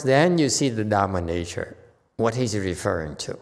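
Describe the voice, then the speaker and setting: A man giving an unhurried dharma lecture as a Buddhist teacher, often pausing to check in with his listeners. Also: lowish voice, big pitch swings, a little mellow. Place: temple hall. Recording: long hall reverb.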